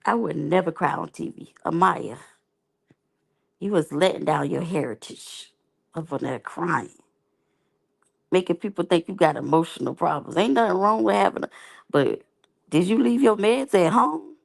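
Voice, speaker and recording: Very gravelly low-voiced woman. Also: normal speed, long pauses. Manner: candid, rambling, slangy and opinionated. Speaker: reality TV reviewer. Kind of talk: casual unscripted commentary.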